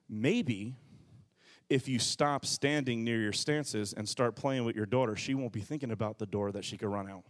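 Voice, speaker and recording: A man in his thirties, a pastor preaching a lively sermon, dropping to a hush and then shouting as he acts out everyday scenes. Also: medium pitch, moderate pace. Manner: animated preaching, shifting from hushed to shouted, acts out quotes.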